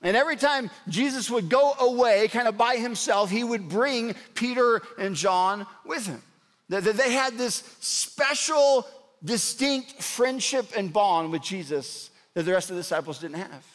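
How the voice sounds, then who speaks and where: A man in his forties preaching a sermon and telling a story, animated, and he drops low and soft for drama. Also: unhurried. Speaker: pastor. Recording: long hall reverb.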